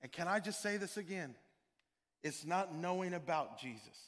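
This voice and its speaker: A man's voice: high voice, animated, normal speed, fairly bright tone. A male pastor preaching a sermon in a church, emphatic and repetitive, full of rhetorical questions. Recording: long reverb of a large hall.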